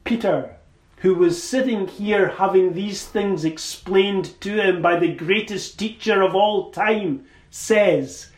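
Slow, high-pitched preacher in an echoey hall. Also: male voice. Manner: slow, measured preaching with rising emphatic phrases. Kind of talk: sermon.

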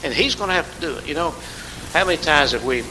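A man's voice: a little high, lively intonation, fast talker. A man preaching a sermon, rising to emphatic call-and-response and calling on congregation members by name. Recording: hissy recording in a reverberant hall.

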